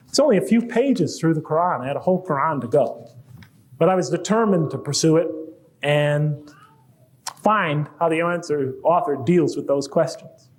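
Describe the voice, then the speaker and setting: A middle-aged man speaks in a fairly high voice, giving a public lecture. He talks conversationally and jokes with the audience. He builds to animated emphasis on key points.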